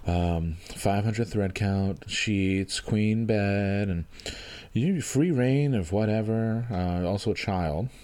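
A man's voice: on the low side, takes it slowly, dark tone, clean tone. A man co-hosting a podcast, riffing and joking in casual chat. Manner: jokey, riffing, rambling. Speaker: podcast co-host.

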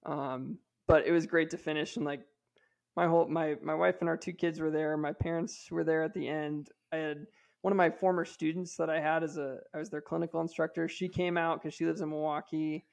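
A man's voice: fairly high pitch, level tone, a little fast, gravelly. A man in his thirties, a podcast co-host, telling a personal story in a chatty way with lots of fillers and restarts. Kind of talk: casual storytelling.

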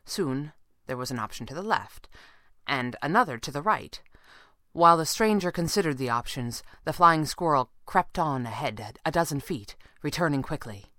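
A woman narrating an adventure story in an even, measured reading. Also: deep voice, dry recording, studio quality. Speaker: audiobook narrator. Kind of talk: scripted narration.

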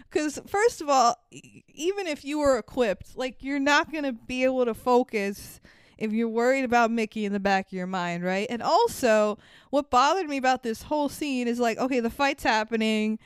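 Woman co-host, casual podcast chat, blunt and sweary, smooth clear voice, dry close mic, slightly high. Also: normal speed, no echo. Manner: blunt, sweary, laughs while recounting scenes.

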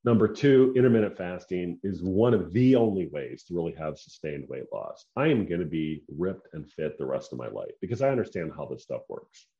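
A man's voice: sits low, sing-song, fairly quick, hardly any pauses, mellow, muffled recording. A man giving an emphatic, opinionated casual monologue as a podcaster. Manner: emphatic, opinionated, self-assured.

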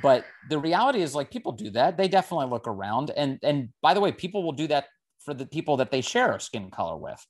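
A man's voice: a little high, big pitch swings, fast. A man hosting a casual conversation, talking freely with many "like" and "um" fillers.

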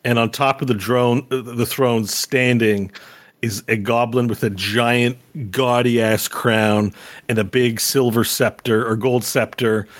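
A man narrating as game master, rambling with lots of fillers and restarts. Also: mid-range voice.

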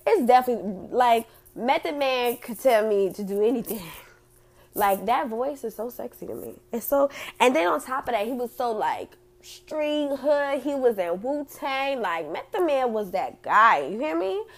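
A woman's voice: a little high, lively intonation, moderate pace. A woman hosting a casual chat and reading out audience comments, blunt and profane, laughing often.

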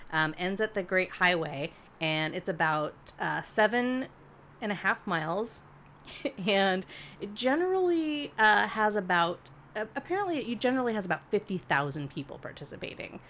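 A woman co-hosting a podcast, telling a story in relaxed, chatty talk that she often laughs through. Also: mid-range voice, measured pace, a little hiss or hum. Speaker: podcast co-host. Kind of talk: casual chat.

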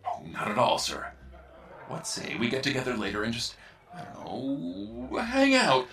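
A man's voice: mid-range voice, wildly swooping pitch, a little slow, creaky, recorded from a distance, a crowd in the background, heavily acted. An actor voicing a scheming male computer that fawns falsely over his captain. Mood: fawning. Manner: oily, fawning, sinister.

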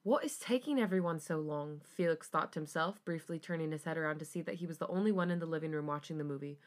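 A woman's voice: deep voice, level tone, racing. A young woman hosting a podcast, reading fanfiction aloud casually and breaking off for asides to her co-host.

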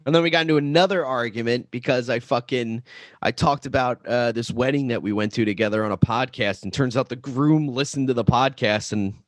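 A man's voice: medium pitch, fairly quick, no echo, studio quality. A young man, a podcast guest, telling a candid, profane story in casual chat.

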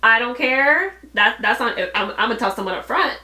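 Blunt, lively young woman. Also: a little fast. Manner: blunt and swears freely, acts out voices in high squeals. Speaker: podcast co-host. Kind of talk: casual chat. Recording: echoey room.

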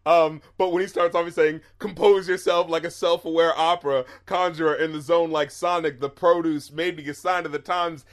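High-voiced man laughing through casual talk. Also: normal speed. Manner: animated, laughs often, swears freely. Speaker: podcast co-host. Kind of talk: casual chat.

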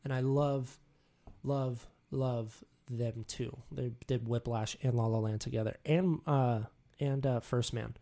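A man's voice: mid-range voice, fairly even intonation, slow, mellow. A young man hosting a news podcast alone from his office, rambling casually and tripping over names with self-mocking humor. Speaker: podcast co-host. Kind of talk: solo news podcast chat. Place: home office.

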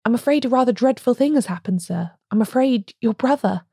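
A woman reading the part of an outspoken male village cobbler in an audiobook, speaking in a hoarse, respectful whisper. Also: fairly high pitch, lively intonation, fairly quick, dark tone, no echo, studio quality, voice pushed up, full character voice. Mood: grave. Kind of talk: audiobook character voice.

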